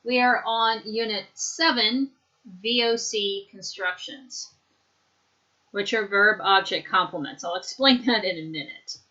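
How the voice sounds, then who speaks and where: A woman teaching an English lesson, modeling words slowly and clearly for students to repeat. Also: medium pitch, bright, forceful tone. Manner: slow, clear drilling with modeled pronunciation. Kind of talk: recorded online language lesson. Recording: dull lo-fi recording.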